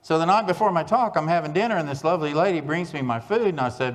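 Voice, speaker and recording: A man's voice: a little high, fast talker, hardly any pauses. Folksy man in a reverberant hall. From Oklahoma. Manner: folksy joke-telling with deadpan punchlines. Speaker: conference speaker. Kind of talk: humorous keynote talk. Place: large conference hall.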